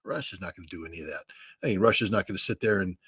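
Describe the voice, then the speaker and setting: A man's voice: deep voice, rapid-fire, fairly bright tone, husky, no room sound. A man giving blunt, opinionated commentary as an interview guest, emphatic and repetitive, dropping casual slang. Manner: blunt, emphatic, repeats words, says dude.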